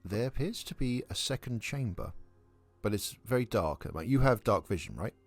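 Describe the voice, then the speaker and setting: A man narrating a tabletop game as dungeon master, calm and measured with some hesitant fillers. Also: medium pitch, soft background music.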